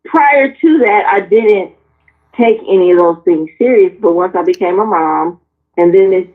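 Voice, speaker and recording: A woman in her forties tells personal stories on a talk panel, bluntly and with plenty of swearing. She throws herself into the retelling and acts out each person's voice. Her middle-pitched voice comes through a tinny, phone-like line. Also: normal speed. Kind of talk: candid personal storytelling.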